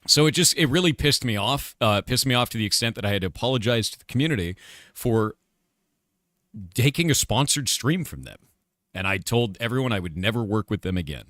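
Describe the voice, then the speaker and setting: A middle-aged man on a live stream, venting in a casual rant full of swearing and hard emphasis. His voice sits fairly low yet swings widely up and down, and the sound is close and dry. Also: lively intonation, fairly quick, a bit bright, no echo. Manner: angry, profane, emphatic. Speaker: streamer and game developer.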